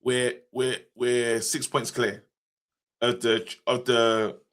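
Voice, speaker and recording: A man co-hosting a casual football podcast, talking in an excitable, slangy way. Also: mid-range voice. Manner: excitable, slangy, quick restarts. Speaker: co-host.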